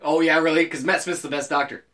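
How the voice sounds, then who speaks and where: A man's voice: on the high side, steady tone, fast talker, a bit bright. A young man co-hosting a casual podcast, joking crudely and laughing a lot. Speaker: podcast co-host. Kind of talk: casual off-topic podcast chat.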